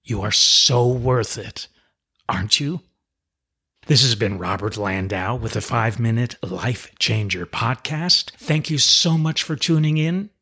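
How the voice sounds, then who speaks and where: Man, middle-aged, podcast host, husky voice, mid pitch, earnest motivational delivery. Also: expressive, a little slow, bright, forceful tone. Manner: earnest, emphatic coaching. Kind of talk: motivational talk.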